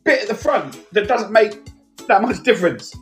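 A man's voice: high-pitched, big pitch swings, fairly quick, fairly bright tone, soft background music. A man co-hosting a casual podcast chat, rambling and easily amused. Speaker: podcast co-host.

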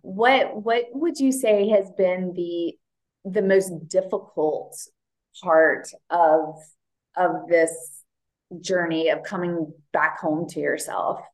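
A woman host speaks in an unhurried, stretched-out way, offering short affirmations to her guest. Her questions come slowly and with pauses. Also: fairly low pitch, low-quality recording. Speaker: podcast host. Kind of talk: casual interview chat.

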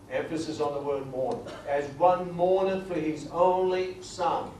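A man teaching a sermon through numbered points, reading scripture slowly and with emphasis. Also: on the high side, slight background noise. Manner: grows quiet and emotional at times. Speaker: preacher. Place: large echoey hall. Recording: echoey hall recording from far off.

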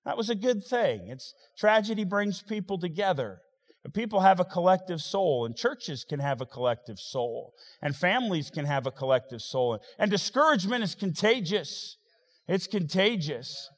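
A man preaching a sermon as pastor, swinging between loud rising exhortation and quiet, wry asides. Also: high-pitched, very animated, moderate pace. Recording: long hall reverb.

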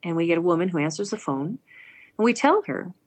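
A woman's voice: on the low side, fast. A woman earnestly telling a personal story aloud, acting out the people she quotes. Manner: earnest, animated, acts out quoted speech.

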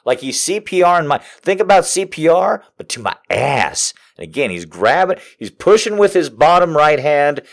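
A man's voice: on the high side, very animated, moderate pace, vocal fry, few pauses. A man telling a comic story in a profane, self-mocking way. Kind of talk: comedic storytelling.

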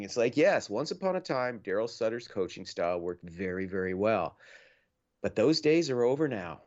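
A man's voice: lowish voice, sing-song, moderate pace, darkish tone, highs cut off. A man co-hosting a hockey podcast in casual chat, laughing often and acting out what others said. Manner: laughs often, acts out quoted voices. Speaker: podcast co-host.

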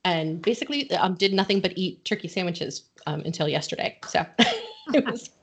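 A woman's voice: lowish voice, animated, moderate pace, creaky, husky. A middle-aged woman from Connecticut hosting a podcast, telling a story in casual chat and laughing often. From Connecticut, USA. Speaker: podcast host.

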